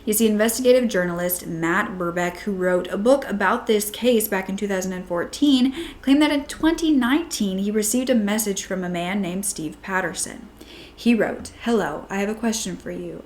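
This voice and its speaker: A woman's voice: mid-range voice, a little hiss or hum. Woman narrating a true crime story. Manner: storytelling with rhetorical questions. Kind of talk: scripted narration.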